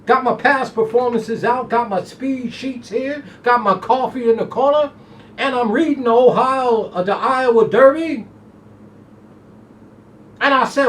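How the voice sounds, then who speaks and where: A man's voice: very high voice, measured pace, slight background noise. A man hosting a horse racing preview show from a studio, fired up and folksy, telling himself to simmer down. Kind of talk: excitable folksy race preview monologue. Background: soft jazz music.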